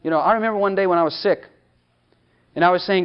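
A man's voice: sits high, fast talker, long pauses, clear, resonant tone. A man preaching a sermon, emphatic and full of rhetorical questions, at times speaking in God's voice. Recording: dull lo-fi recording.

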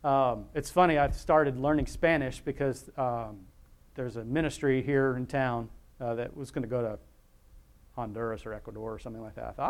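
Man, informal sermon, rambling, conversational, chuckles often, mid-pitched voice. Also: a little fast, darkish tone. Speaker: preacher.

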